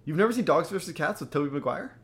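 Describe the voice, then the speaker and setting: A man's voice: fairly high pitch, expressive, fast. Jonge man, vloekend en kletsend. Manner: rambling, profane storytelling. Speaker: podcast co-host. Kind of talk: casual chat.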